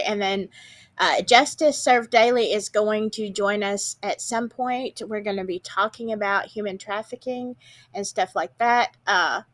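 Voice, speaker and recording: A woman hosts a casual livestream from home and chats with her viewers. She talks slowly and unhurriedly, and her voice sounds stuffy and congested from a morning cold. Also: mid-range voice, a bit bright. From Southern United States. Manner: chatty, greets viewers by name, drawling. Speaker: livestream show host. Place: home, indoors.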